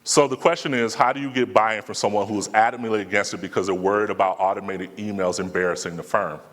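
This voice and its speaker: A man's voice: on the low side, fairly even intonation, fast talker, a bit bright. A man speaking casually in slang, answering audience questions at a live talk. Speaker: conference speaker. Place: conference hall. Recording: long hall reverb.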